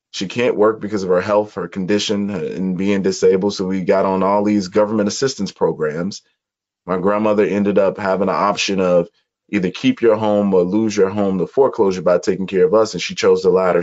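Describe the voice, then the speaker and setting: A man from Chicago, a podcast guest, telling his life story in an earnest, measured way during an interview. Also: sits low, a little mellow. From Chicago, USA. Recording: dull lo-fi audio.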